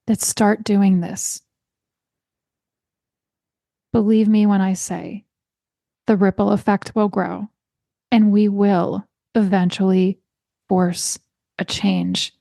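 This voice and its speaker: A woman's voice: mid-range voice, fairly even intonation, slow, gravelly, long pauses, warm tone, no echo, studio quality. A middle-aged woman hosting a solo podcast, telling a story with passion and building to emphatic, repeated calls for change. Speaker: podcast host.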